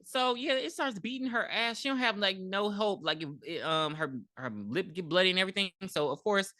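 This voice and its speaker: A woman's voice: medium pitch, fairly quick, no echo, clean studio sound. A woman co-hosting a podcast, recapping a movie in casual, profane chat and acting out the characters' lines. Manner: animated, profane, acts out characters in quotes. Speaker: podcast co-host.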